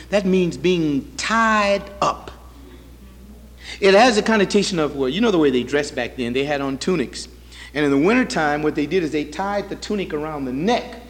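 A man preaching a sermon as pastor, swinging from loud high bursts to quiet low asides. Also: long reverb tail.

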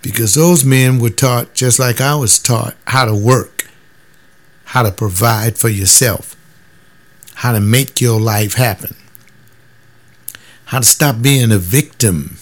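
A man's voice: medium pitch, takes it slowly, long pauses. An older man and former soldier, talking in a casual, emphatic monologue and now and then mimicking other people's voices. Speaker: former soldier sharing views.

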